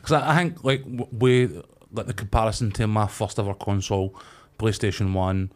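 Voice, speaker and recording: Scottish guy in his 40s, lowish voice, chatty podcast cohost, swears a bit. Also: steady tone, normal speed, a little mellow. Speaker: podcast co-host. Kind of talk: casual chat.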